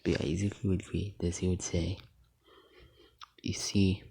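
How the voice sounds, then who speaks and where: Low gravelly man rambling a fan story. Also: little pitch movement, dark tone. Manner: rambling, halting, often drops to a whisper. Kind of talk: casual improvised fan story narration.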